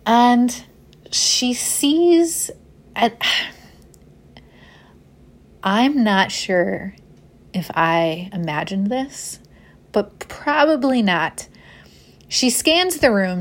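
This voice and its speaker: A woman's voice: mid-range voice, slow, long pauses. Chatty woman telling a story. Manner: laughs often, swears casually, animated. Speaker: podcast host. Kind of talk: casual storytelling.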